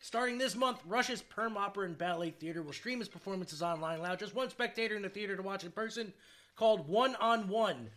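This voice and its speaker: A man's voice: high voice, a little fast, fairly bright tone. A man hosting a casual podcast, reading news headlines aloud with joking, profane asides. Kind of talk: casual chat.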